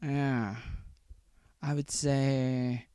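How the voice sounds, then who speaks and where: Man, rambling solo vlogger, mid pitch, dry close mic. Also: flat delivery, extremely slow, mellow, clear, resonant tone, no room sound. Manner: rambling, jumps between mocking squeals and low muttering. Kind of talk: rambling monologue vlog.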